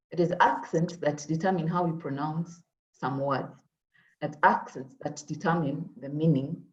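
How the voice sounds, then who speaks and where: A woman teaching an online French class, explaining patiently with many pauses and fillers. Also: fairly low pitch, darkish tone, dull audio. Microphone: video call.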